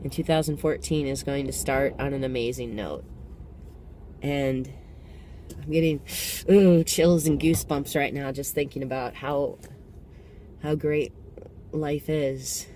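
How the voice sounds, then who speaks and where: A man in his thirties giving a heartfelt personal vlog reflection, pausing to count and correct himself. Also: medium pitch, steady tone, mellow, slight background noise. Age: 30s.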